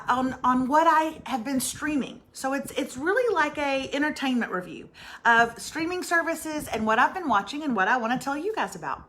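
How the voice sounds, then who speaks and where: A high, bright woman chats live to her viewers, her pitch leaping all over as she teases and exclaims. She talks into a mic set in front of her. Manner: chatty, teasing, exclaims to viewers. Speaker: livestream host. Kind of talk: casual livestream chat.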